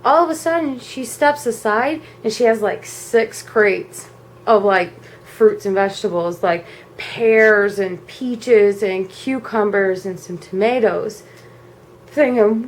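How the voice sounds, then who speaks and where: A young woman vlogger at home, telling a personal story in a casual, animated way. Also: medium pitch, slow pace, slight background noise, rough recording. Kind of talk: storytime vlog. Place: home at night.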